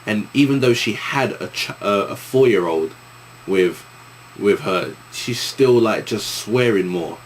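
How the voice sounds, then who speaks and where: Young East London man, deep voice, loose rambling vlog Q and A delivery. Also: animated, unhurried, a little hiss or hum. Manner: rambling, with many restarts and fillers. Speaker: YouTuber answering viewer questions. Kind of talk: casual Q and A vlog.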